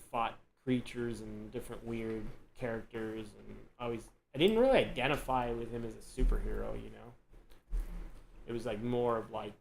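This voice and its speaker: A man hosting a live stream and chatting casually, relaxed and rambling, with lots of "you know" and "dude". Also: fairly low pitch, gravelly, slight background noise, low-quality recording. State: yawning, tired. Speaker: host.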